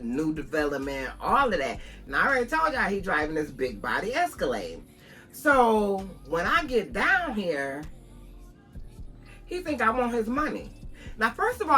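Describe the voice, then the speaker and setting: A woman from Buffalo tells a personal story straight to her viewers, her pitch swooping up and down as she gets into it. Her voice is on the low side for a woman but bright and forceful. Soft music plays faintly behind her. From Buffalo, New York. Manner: animated, conversational, asides to listeners as "girl". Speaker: vlogger.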